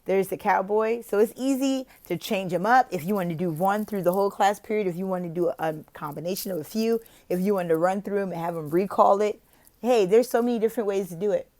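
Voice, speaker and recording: A woman sharing classroom tips in a casual vlog, playful and quick to laugh, acting out silly classroom chants. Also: medium pitch, a little mellow. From lives in Oklahoma, not from there. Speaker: online teacher and video host.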